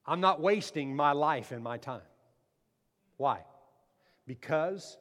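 A pastor preaching a sermon, emphatic and repeating phrases, calling the congregation to answer amen. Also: male voice, on the high side, animated, unhurried, long pauses, fairly bright tone. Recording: long hall reverb.

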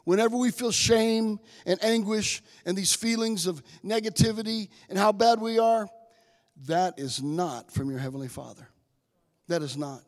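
A man preaching a sermon, impassioned, speaking straight to his congregation and swelling from soft to loud. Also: sits high, moderate pace, long reverb tail. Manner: addresses the congregation directly.

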